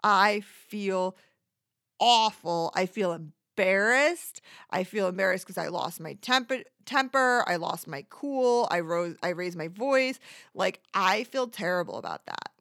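A woman's voice: mid-range voice, expressive, unhurried, gravelly, a bit bright, no room sound, clean studio sound. A woman ranting in a casual, profane, rambling way, self-deprecating and acting out other people's voices as she goes. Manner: acts out quoted voices. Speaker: monologuist. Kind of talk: casual rant.

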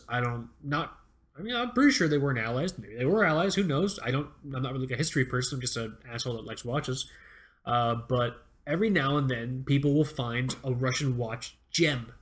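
A man's voice: mid-range voice, animated, fairly quick. A young man co-hosting a podcast in casual chat, rambling, swearing and repeating words, often laughing. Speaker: podcast co-host.

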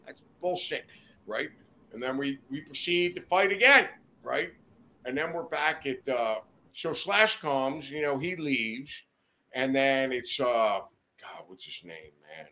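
Older man telling wild stories, very animated. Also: mid-range voice, unhurried. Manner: profane, animated, rambling. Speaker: guest storyteller. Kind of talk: casual chat, storytelling. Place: studio.

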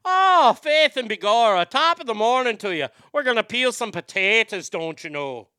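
A man's voice: very high voice, expressive, moderate pace, bright, forceful tone, clean tone, no room sound, studio quality, voice pushed up, exaggerated voice. A man putting on a hammy, jolly stage Irishman with a put-on Irish accent, sing-song and cartoonish.

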